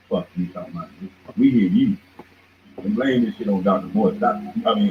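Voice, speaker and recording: A man's voice: low voice, fast. A man hosting a show, delivering a heated, confrontational ranting monologue that keeps jabbing at his target as "boy". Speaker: show host. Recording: tinny phone-like line with faint noise.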